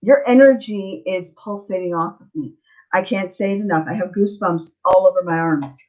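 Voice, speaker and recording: A woman's voice: fairly low pitch, normal speed, darkish tone, muffled recording. A woman giving a live online tarot reading, earnest and emotional, often checking in with the listener. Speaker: tarot reader.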